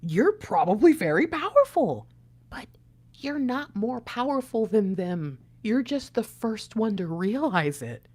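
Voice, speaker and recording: Lively woman giving spiritual talk. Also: on the high side, unhurried. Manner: animated, swings from soft whispers to loud outbursts; chatty, frequent fillers and asides. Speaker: spiritual channel host. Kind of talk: casual spiritual talk to viewers.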